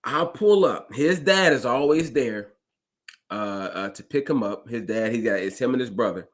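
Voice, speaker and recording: A man who drives a school bus, casually telling a story to his listeners and acting out the dialogue with lively jumps in his voice. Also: moderate pace. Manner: animated, acts out dialogue with big pitch jumps; conversational, addresses listeners directly.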